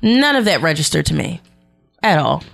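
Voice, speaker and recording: A woman's voice: sits low, sing-song, moderate pace, creaky, faint music behind. A woman co-hosting a podcast in casual chat, blunt and profane, who often trails off mid-sentence. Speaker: podcast co-host.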